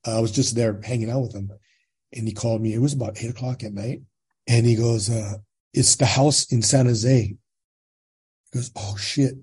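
A man's voice: mid-range voice, normal speed, pauses often, breathy edge. A man in his sixties from California, telling his own story as a podcast guest, animatedly acting out the dialogue and often checking in with "right?". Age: 60s. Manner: animated retelling, quotes dialogue, frequent tag questions. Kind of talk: personal storytelling in conversation.

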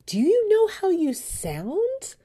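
A woman's voice: very high-pitched, huge pitch swings, slow pace, mellow, voice pushed up, heavily acted. A woman imitating her sister, a young woman who teases and complains in an exasperated, mocking way. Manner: teasing, exasperated.

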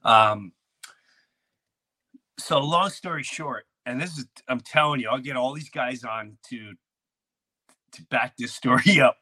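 A man hosting a podcast, telling a neighborhood story in casual chat and acting out quotes with loud, animated outbursts. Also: mid-range voice, a little slow, long pauses. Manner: animated, acts out shouted quotes. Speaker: podcast host.

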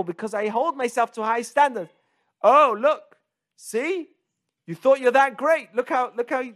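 A man's voice: sits high, no echo, clean studio sound. A man hosting a podcast, teaching Jewish ideas in a loose, conversational way, repeating phrases and acting out the inner voice of doubt. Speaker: podcast host teaching Torah. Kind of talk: informal religious teaching.

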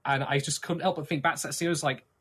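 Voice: medium pitch, fairly even intonation, quick pace, fairly bright tone, breathy edge. A podcast co-host in casual chat, emphatic and profane while complaining about a scene.

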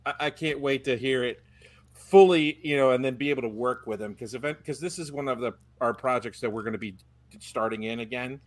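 A married man on a casual podcast, excitedly retelling a funny exchange with a friend. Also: mid-range voice, a little fast. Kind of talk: casual chat.

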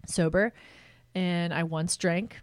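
Chatty woman guest with a smooth voice. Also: lowish voice, fairly even intonation, takes it slowly, no echo. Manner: chatty storytelling, many fillers and laughs. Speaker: podcast guest. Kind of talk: casual chat.

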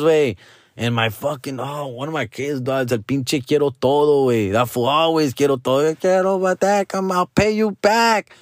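In a clean studio recording with no echo, a middle-aged man hosting a podcast spins a casual story. He swears, uses slang, mixes in Spanish, and mimics the people he quotes in loud, high-pitched voices.

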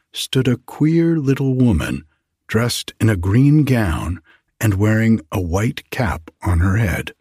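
A man hosting a sleep podcast, narrating a bedtime fairy tale in a calm, gentle way. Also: fairly low pitch, slightly rough, no echo, clean studio sound. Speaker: podcast host and storyteller. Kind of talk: slow bedtime story narration.

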